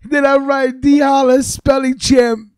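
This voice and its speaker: A man's voice: extremely high pitch, unhurried, no echo, studio quality. A man hosting a live talk show, telling stories with lots of laughter in casual banter. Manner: animated storytelling, laughs often. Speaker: radio show host.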